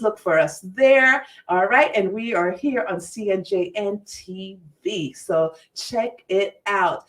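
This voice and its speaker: A woman from Jamaica hosting a casual podcast chat, talkative and quick to laugh. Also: medium pitch, recorded from a distance. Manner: chatty, laughs often. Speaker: podcast host.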